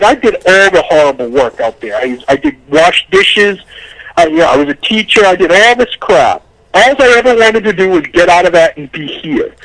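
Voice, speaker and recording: Excitable high-voiced man rambling. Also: no room sound, low-quality recording. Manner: rambling, repeats words, gets emotional. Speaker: podcast co-host, agent. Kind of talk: casual chat.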